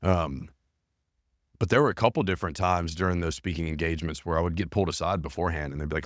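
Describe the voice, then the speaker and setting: Male podcast host, deep voice, dry close sound, emphatic and sincere. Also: fast, no echo. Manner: earnest and emphatic, repeats phrases. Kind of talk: casual podcast conversation.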